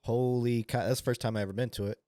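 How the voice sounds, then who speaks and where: A man hosting a podcast interview, chatting casually and often chiming in with quick agreement and laughs. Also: mid-range voice, steady tone, dark tone, no echo, clean studio sound. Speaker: podcast host.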